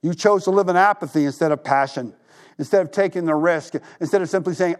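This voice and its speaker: High-voiced pastor preaching with animation. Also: male voice, fast. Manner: animated storytelling, acting out quoted voices; drops to a hushed voice for emphasis. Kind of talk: sermon.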